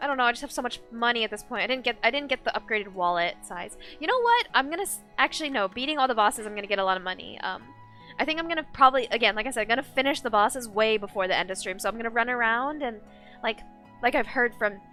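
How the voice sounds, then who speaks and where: A woman's voice: fairly high pitch, lively intonation, fast, bright, forceful tone, soft background music. A woman streamer chatting casually while playing a game, rambling with many fillers and restarts. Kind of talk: casual live-stream chat while gaming.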